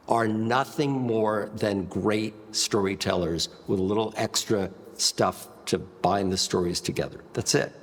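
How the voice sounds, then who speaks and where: A man teaching public speaking to camera, with a demonstrative, deliberate delivery that shifts pace and pitch and leans on pauses. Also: big-room sound. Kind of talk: instructive talk to camera.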